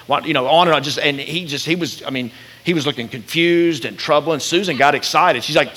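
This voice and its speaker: Preaching with a voice that sits a little high, a pastor performs quoted lines with lively energy. When the message turns tender, he slows down and softens.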